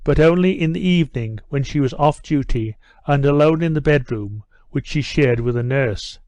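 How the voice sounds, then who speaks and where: A man reading an audiobook as the narrator, in an even, measured delivery. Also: medium pitch, no room sound. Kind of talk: scripted narration.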